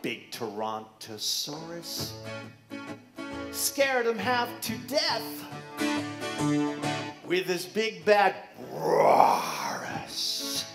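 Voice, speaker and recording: A man's voice: fairly high pitch, wildly swooping pitch, very slow, creaky, long pauses. A man performing a children's concert with guitar, singing and asking the kids playful questions. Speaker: children's singer-songwriter and guitarist. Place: library room with an audience of children. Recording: echoey room, loud guitar playing. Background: acoustic guitar.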